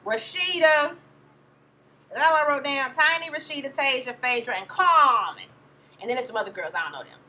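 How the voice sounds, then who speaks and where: A woman's voice: high voice, expressive, fast talker, sharp tone. A young woman giving a sassy, blunt, profane vlog review of a reality show, sounding tired. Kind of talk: casual vlog commentary.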